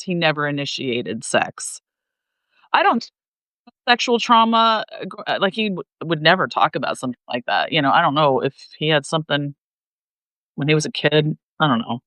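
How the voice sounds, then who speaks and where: Middle-aged woman, loud and passionate, rambling casual chat, dry close sound. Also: lowish voice, no echo, rough recording. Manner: rambling, many fillers and restarts. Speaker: flight attendant sharing her story.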